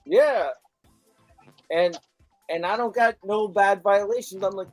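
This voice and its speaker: A man's voice: high voice, takes it slowly, long pauses, no echo, soft background music, rough recording. A man who works as a delivery driver, telling stories in casual chat and swearing often. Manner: animated storytelling, frequent swearing.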